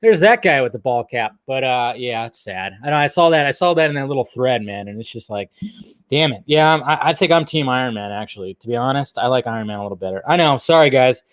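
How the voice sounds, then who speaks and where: A man's voice: medium pitch, lively intonation, fast, fairly bright tone, no room sound, clean studio sound. A man hosting a movie news channel, chatting casually in a rambling, loose way with frequent restarts and swearing. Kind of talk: casual video commentary.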